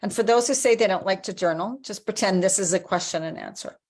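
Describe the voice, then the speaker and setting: A woman's voice: mid-range voice, quick pace, darkish tone. A woman, around her forties, giving an encouraging, conversational motivational talk as a life coach. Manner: encouraging, conversational, acts out inner voices.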